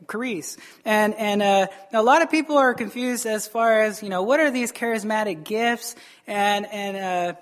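A man as a pastor giving a conversational sermon, often checking in with the congregation and acting out quick voices. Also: sits high. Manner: chatty, keeps asking "right?" and acts out quick voices.

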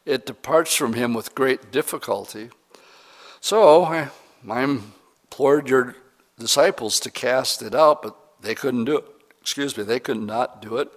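Pastor teaching a verse-by-verse sermon. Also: male voice, mid-range voice. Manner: reads scripture slowly, then talks plainly and asks the congregation questions.

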